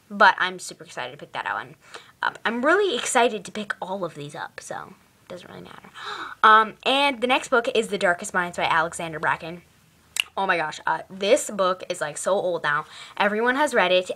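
A teenage girl vlogs to camera about the books she intends to read, chatting and rambling in an affected British accent. Her voice is on the low side, bright and forceful.

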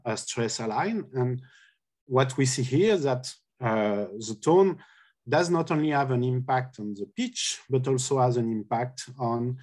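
Speaking at a measured pace in a mid-range, slightly mellow voice, this male lecturer presents a linguistics colloquium. He explains things one step at a time, stumbling into frequent hesitations, self-corrections, and filler sounds.

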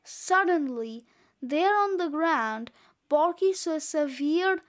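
A woman reads a children's book aloud in a high voice. She tells the story slowly and with care. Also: expressive. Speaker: reader.

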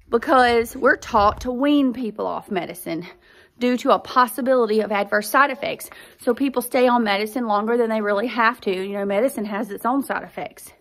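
A woman's voice: fairly high pitch, a bit bright. A woman and mother, a podcast host, telling her own story in an earnest, conversational way as a faith testimony.

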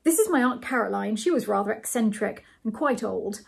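Woman voicing a young male gentleman, proud and bashful, eager raised pitch, husky storybook voice. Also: animated, fairly quick, exaggerated voice.

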